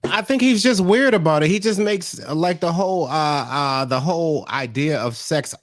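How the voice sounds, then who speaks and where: A man's voice: fairly high pitch, moderate pace, no echo, clean studio sound. A man co-hosting a podcast, bantering in a joking, slangy way. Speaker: podcast co-host. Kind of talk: casual chat recapping a reality show.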